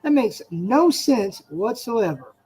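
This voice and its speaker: A woman with a fairly high voice argues bluntly in a casual live chat. She fires pointed questions and presses for answers, sounding combative and unconvinced. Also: big pitch swings, slow pace, mellow, slightly rough, rough recording. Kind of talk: heated casual political chat.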